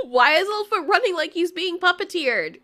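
A woman recapping an animated film in a casual, sarcastic, joking commentary. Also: extremely high pitch, moderate pace. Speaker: video reviewer.

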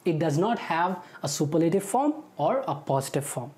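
A woman with an Indian English accent walks through a grammar lesson, repeating each example and tagging it with a quick check. Her voice sits low and mellow. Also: sing-song. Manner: explains patiently, repeats words, tags with okay and right. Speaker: English teacher.

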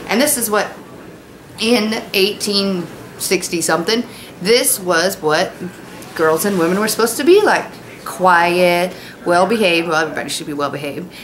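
A woman's voice: lowish voice, expressive, moderate pace, noisy background. Chatty teacher woman reading aloud. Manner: chatty asides explaining words. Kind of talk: reading a novel aloud to students. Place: at home, kitchen nearby.

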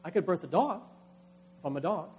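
A man's voice: on the high side, animated, brisk, darkish tone, breathy edge, soft background music. A man, a pastor, preaching a sermon with emphatic delivery, acting out quoted voices.

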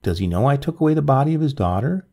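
A man's voice: medium pitch, lively intonation, quick pace, gravelly, warm tone, pitched above the performer's own voice. A man voicing a shrunken, greedy old grave robber who speaks nervously and eagerly. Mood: fearful.

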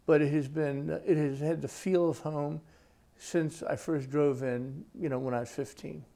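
Gravelly older guy in his 60s, kinda high for a man, folksy storytelling at home. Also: steady tone, a little slow, mellow. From United States. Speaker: author being interviewed. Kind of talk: relaxed storytelling interview.

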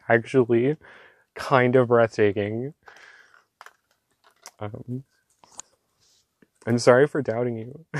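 A man chatting casually while swatching inks, gushing and excitable, with slangy talk and lots of fillers. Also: lowish voice. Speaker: ink swatching vlogger.

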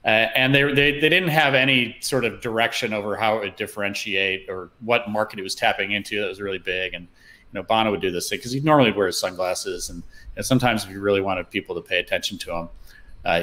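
A man's voice: low-pitched, pushed and bright. A man speaking as a guest in a casual interview, thinking aloud with lots of filler words as he tells stories. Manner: thoughtful, storytelling, many "uh" fillers. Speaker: podcast guest, fund founder.

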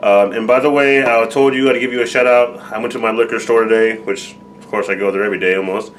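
A man's voice: lowish voice, fairly even intonation, fast, a little hiss or hum, low-quality recording. A man co-hosting a reaction video from home, chatting casually with lots of swearing and rambling jokes. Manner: profane, rambling and joking. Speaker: co-host of a reaction channel. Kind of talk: casual chat.

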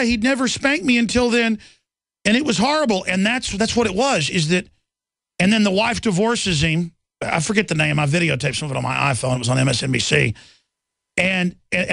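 A middle-aged man hosts a talk radio show in an indignant, rambling monologue, stumbling over repeated words as he pushes on. His voice sits a little high with a gravelly edge. The studio microphone sounds close and dry. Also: fairly bright tone, no room sound.

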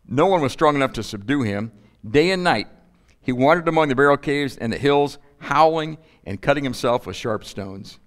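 Man preaching an animated sermon. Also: mid-range voice, normal speed. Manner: animated, rhetorical questions, playful asides. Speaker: pastor. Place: church.

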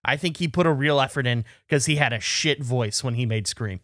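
A man's voice: medium pitch, a little fast, a bit bright, dry recording, studio quality. A man co-hosting a podcast, chatting casually in a wry, conspiratorial way. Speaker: podcast co-host. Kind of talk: casual chat.

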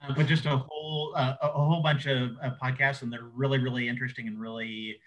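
A man's voice: mid-range voice, level tone, fast talker, fairly bright tone, low-quality recording. A man hosting a casual interview, stuttering with many repeated words and fillers. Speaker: interview host.

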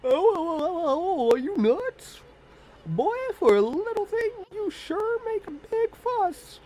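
A man's voice: very high voice, sing-song, takes it slowly, darkish tone, slight background noise, full character voice, low-quality recording. A man voicing a boastful tiny male wandering artist, reading game dialogue aloud in a brash, cocky manner.

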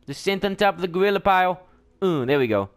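A young man giving excitable let's play commentary, often yelling and laughing at the game. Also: high-pitched, fast talker. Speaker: gameplay commentator.

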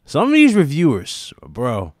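A man's voice: a little high, huge pitch swings, a little slow, dry recording, studio quality. A man hosting a casual gaming podcast, brash and profane, laughing often. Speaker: gaming channel host.

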